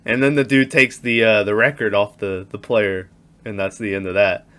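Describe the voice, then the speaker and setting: A man co-hosting a movie podcast in casual chat, animated and laughing often as he retells scenes. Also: fairly low pitch, normal speed, slight background noise. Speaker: podcast co-host.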